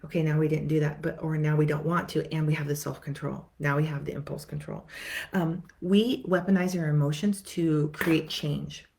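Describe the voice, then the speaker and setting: Gravelly low-voiced woman therapist explaining. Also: steady tone, moderate pace, darkish tone. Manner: conversational, repeats words and restarts, acts out what clients say. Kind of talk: teaching talk to viewers.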